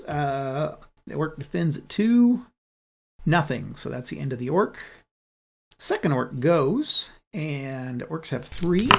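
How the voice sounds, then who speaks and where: Heavy background noise surrounds this man, whose voice sits on the high side. He runs his board game channel and, playing solo, talks through his moves without hurry, musing aloud while rolling dice and shifting pieces.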